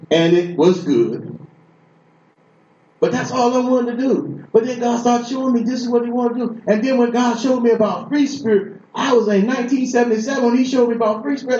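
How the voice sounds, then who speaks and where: A man's voice: sits high, a little fast, darkish tone, slight background noise. Emphatic preacher man in an echoey room. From Boston. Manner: emphatic storytelling, repetitive restarts. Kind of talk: sermon. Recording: echoey room from far off, dull sound.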